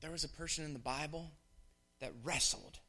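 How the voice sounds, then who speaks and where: Bright-voiced man preaching a sermon. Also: on the high side, steady tone, moderate pace. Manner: swings from hushed to shouting bursts. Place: church.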